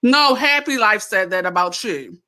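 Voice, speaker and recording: A woman's voice: mid-range voice, animated, moderate pace, sharp tone. A woman guest in a live chat room, ranting profanely and mocking someone in heated casual chat.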